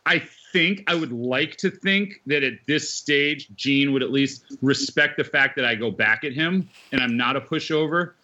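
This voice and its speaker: A former magazine editor and band manager, guesting on a podcast, tells stories in a casual chat, bluntly and emphatically, with many restarts. His medium-pitched voice is sharp-toned, moderately paced with few pauses, and the highs are cut off.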